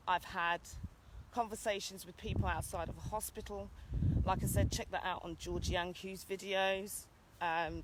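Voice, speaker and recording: A woman's voice: medium pitch, background noise. A British woman giving an urgent, impassioned rant in an outdoor vlog, calling out to people passing by. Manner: urgent, exhorting, calls out to passers-by. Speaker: vlogger.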